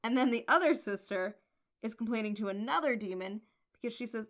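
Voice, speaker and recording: A woman's voice: fairly high pitch, expressive, brisk, fairly bright tone. A woman co-hosting a casual podcast, recapping comics in a playful, amused way. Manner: playful, amused, quotes characters in a light voice. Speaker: podcast co-host.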